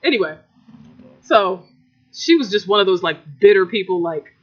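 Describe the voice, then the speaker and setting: A man's voice: sits high, moderate pace. A young man co-hosting a podcast, telling a workplace story in casual, profane chat and mimicking the people in it. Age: young adult. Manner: profane, animated storytelling with mocking quoted voices. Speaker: podcast co-host. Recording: dull lo-fi recording.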